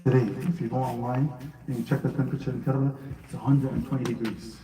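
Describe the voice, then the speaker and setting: A man's voice: mid-range voice, flat delivery, fast talker, noisy background. Man telling a story to children in an echoey hall. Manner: asks the children questions, building to emotional recitation. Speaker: speaker at a children's majlis. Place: house gathering hall. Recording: echoey room, speaker far from mic.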